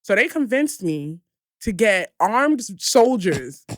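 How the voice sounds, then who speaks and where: A woman's voice: medium pitch, sing-song, slow pace. A woman co-hosting a podcast, telling a travel story in a casual, matter-of-fact way. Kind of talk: casual group chat.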